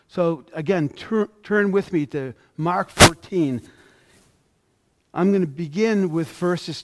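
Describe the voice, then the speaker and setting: A male pastor preaching a sermon, reading scripture aloud and stressing the quoted words. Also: high-pitched. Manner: reads scripture aloud, with emphatic rises on quoted lines.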